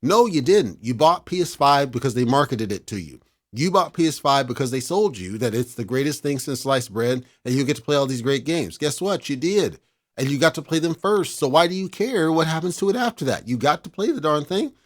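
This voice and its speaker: A man's voice: a little high, expressive, a little fast. A man hosting a casual talk show, giving blunt, exasperated opinions in a lecturing rant.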